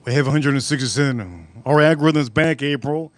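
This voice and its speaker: A man with a mid-range voice hosts a casual live stream from an outdoor barbecue. He rambles from one story to the next and tells them with animated energy, talking loosely and off the cuff. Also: mid-range voice, brisk, hardly any pauses, dry recording.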